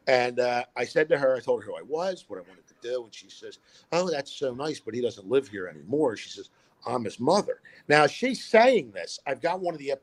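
A man's voice: mid-range voice, big pitch swings, a little fast, dry recording. A middle-aged man, a filmmaker guest, telling a long story in a casual interview, rambling with many fillers and restarts.

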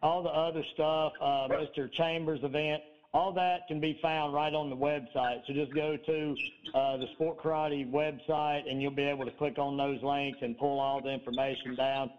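A man co-hosting an online talk show in a slow drawl with many fillers, on dull lo-fi call audio. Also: fairly high pitch, fairly even intonation. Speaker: co-host. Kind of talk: casual talk show chat.

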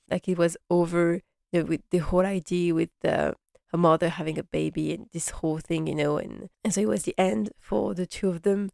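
A young woman hosts a casual recap chat, rambling and animated, with lots of fillers as she gushes about the episode. Her voice sits fairly low. The recording is dry and close, with no room echo. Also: creaky. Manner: chatty and rambling, many "like" and "you know" fillers; gushing and animated. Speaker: host recapping a TV drama.

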